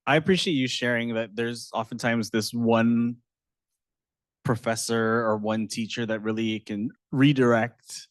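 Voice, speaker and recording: A young man moderating a book talk, asking questions and sharing his own story in a relaxed, friendly way. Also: medium pitch, unhurried, no room sound. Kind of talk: conversational interview.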